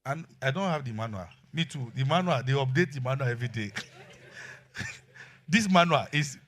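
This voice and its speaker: A middle-aged man with a Nigerian accent preaching a sermon as pastor, telling animated stories and acting out quotes. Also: medium pitch, moderate pace. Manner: animated storytelling with acted quotes and laughter.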